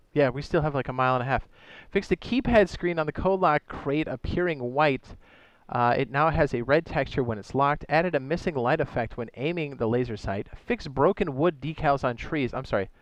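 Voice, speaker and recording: A man of middle pitch, recorded close and dry with almost no room sound, reads down a long list of game fixes. He adds quick joking asides and stumbles, then corrects himself. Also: no room sound. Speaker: gaming YouTuber reading patch notes. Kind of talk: casual commentary reading a list aloud.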